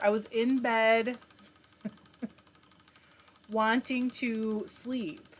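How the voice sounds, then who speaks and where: A woman's voice: on the high side, flat delivery, extremely slow, long pauses, slight background noise. A woman hosting a live stream, chatting casually, greeting viewers by name and reading their comments aloud. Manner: laughs often while talking. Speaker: livestream host spinning yarn.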